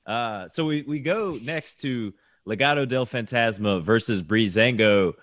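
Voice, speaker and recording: A man's voice: medium pitch, a little slow, fairly bright tone. A man hosting a podcast, laid-back and keeping the talk on track. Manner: steering the conversation, laid-back. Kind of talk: casual podcast chat.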